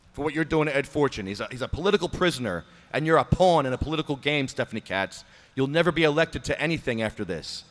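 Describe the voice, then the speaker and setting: A man's voice: on the high side, fairly bright tone. A man hosting a talk podcast, ranting in an abrasive, mocking way and leaving a confrontational phone message. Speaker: podcast host. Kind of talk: ranting talk show with prank-style phone call.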